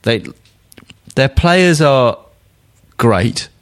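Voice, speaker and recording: A man's voice: medium pitch, animated, very slow. A man co-hosting a casual football podcast, joking and swearing as he talks. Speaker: podcast co-host.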